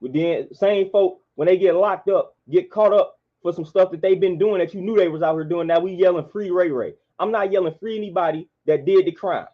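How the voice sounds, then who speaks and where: A man's voice: sits high, a little fast, few pauses. A man, delivering an impassioned monologue in a preachy, repetitive, emphatic way. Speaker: vlogger. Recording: dull lo-fi sound.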